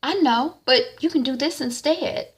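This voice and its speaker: A woman's voice: high voice, normal speed, voice pushed up. A woman doing a pushy, bossy young man. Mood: insistent.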